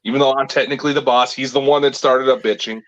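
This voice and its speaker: A man's voice: mid-range voice, fairly even intonation, fast, a bit bright, highs cut off. A man co-hosting a show, making dry teasing jokes at his co-host in casual chat. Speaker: podcast co-host. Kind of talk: casual banter.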